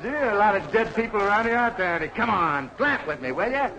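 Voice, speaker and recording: An actor playing a cocky, boastful young boxer in a 1940s film, in a breezy, swaggering way. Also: male voice, high voice, animated, fast talker, background noise. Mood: boisterous. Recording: dull 1940s film soundtrack with music.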